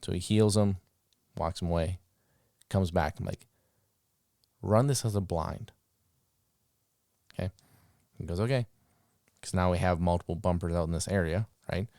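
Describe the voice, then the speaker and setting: A man's voice: sits low, clean tone, no room sound, studio quality. A man hosting a podcast, casually telling dog-training stories and acting out the commands he called out. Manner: animated, acts out commands and reactions.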